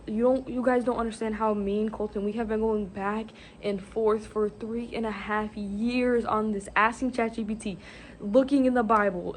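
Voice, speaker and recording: Brief: young adult woman, casual vlogger, excitable and gushing, mid-pitched, faint background hiss. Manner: excitable, gushing, lots of "like" and "literally". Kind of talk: casual faith vlog.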